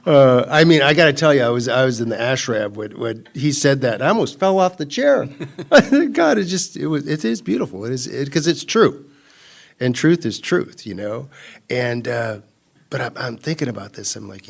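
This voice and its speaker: A man's voice: mid-range voice, vocal fry. A man from California speaking at a recovery retreat, rambling through his story with many restarts and easy laughter. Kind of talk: personal talk at a recovery retreat.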